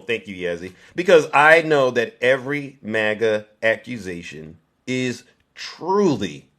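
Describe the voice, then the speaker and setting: A man's voice: medium pitch, fairly bright tone. A man hosting a casual political talk stream, ranting in a direct, combative and repetitive way. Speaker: political commentator host. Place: California, Bay Area.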